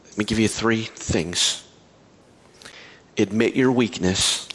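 Speaking a little slowly with a fairly low pitch, a middle-aged male pastor gives a sermon. Quiet storytelling builds into passionate, soaring appeals and finally drops to soft, hushed comfort.

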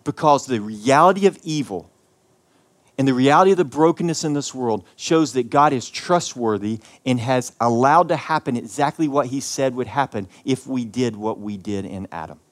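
A male pastor from the American South delivering a sermon, preaching with passion and sweeping from loud peaks to hushed lines. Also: mid-range voice, expressive, moderate pace. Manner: impassioned preaching with big swings in loudness.

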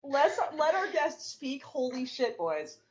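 Lively woman co-hosting a podcast. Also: high-pitched, low-quality recording. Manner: teasing, swears, quick to laugh along. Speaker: podcast co-host. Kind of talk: casual chat.

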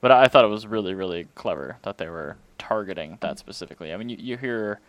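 A man in casual car talk with a fairly low voice. He teases his co-host with dry, quick quips. The sound is close and dry, with no room around it. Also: lively intonation, no echo. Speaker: podcast co-host.

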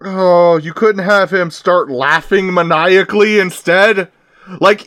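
A man giving casual watch-along commentary on a film, exasperated and yelling insults at the screen. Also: high-pitched, slow pace, dry recording, clean studio sound. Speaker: co-host reacting to a film.

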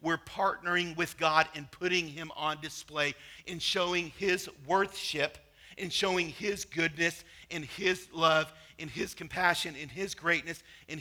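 A man's voice: on the high side, sharp tone. A middle-aged man preaching a sermon, talking to the congregation conversationally and telling personal stories. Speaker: pastor.

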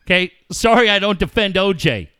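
A man's voice: sits high, fairly quick, smooth, no echo. A man hosting a podcast, telling a story in casual profane talk and mimicking other people as he goes. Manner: animated, swearing, mimicking others. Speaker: podcast host.

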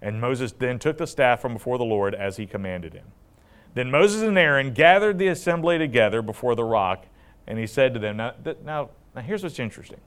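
This preacher's mid-range voice is smooth and brisk as he walks through the Bible in a conversational style. Animated throughout, he quizzes the audience and brings quotes to life by acting them out.

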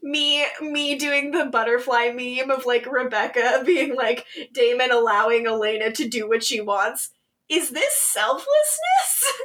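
Animated woman recapping with laughs. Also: fairly high pitch, unhurried, hardly any pauses. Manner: animated, laughs often, acts out quotes. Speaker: podcast co-host. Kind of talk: casual recap chat.

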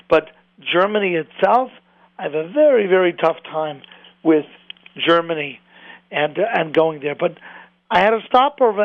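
Brief: high-pitched male rabbi, fervent sermon delivery, dry close sound. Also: no echo, narrow, tinny audio. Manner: fervent, repeats words, rises in pitch when stirred. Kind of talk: impassioned sermon.

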